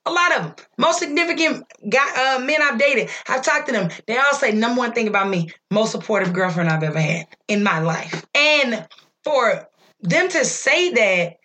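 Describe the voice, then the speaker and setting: A woman in candid casual conversation, blunt and profane, telling stories in an animated way. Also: a little high, moderate pace.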